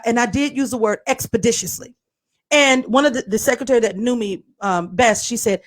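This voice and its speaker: A woman's voice: a little high, fairly quick. A middle-aged woman co-hosting a radio podcast, telling a story in casual chat and acting out the voices of the people in it. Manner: animated, acts out voices in her stories.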